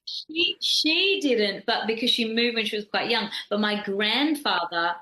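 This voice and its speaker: A woman talks in a bright, forceful voice, chatty and quick to laugh. She is a guest in a casual radio interview. The sound is roomy, with a noticeable echo around her. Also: a little high, animated. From Western Australia. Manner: chatty, laughs easily, warm and open.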